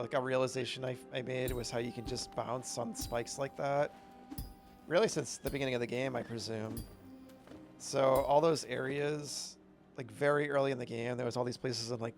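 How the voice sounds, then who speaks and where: A man's voice: medium pitch, vocal fry. A man streaming a video game, chatting casually with rambling, upbeat commentary. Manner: rambling, self-correcting, upbeat.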